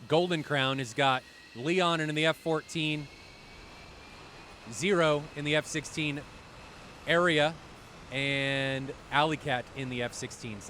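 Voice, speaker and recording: Excitable man commentating a flight-sim stream. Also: a little high, takes it slowly, pauses often, a little hiss or hum. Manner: excitable, swearing, chatty and self-deprecating. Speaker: esports commentator.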